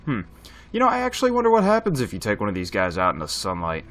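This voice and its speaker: A man's voice: lowish voice, wildly swooping pitch, quick pace, a bit bright, soft background music. A man giving casual let's play commentary, thinking aloud and chatting to his viewers. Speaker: gaming channel host.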